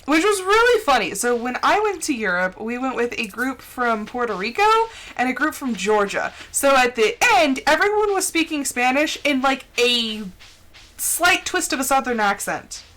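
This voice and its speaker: A woman's voice: high-pitched, very animated, normal speed, a bit bright. Giggly chatty American woman streamer. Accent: General American. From central United States. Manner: giggly and chatty, laughs often. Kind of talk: casual gaming stream chat. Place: home. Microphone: close desk mic.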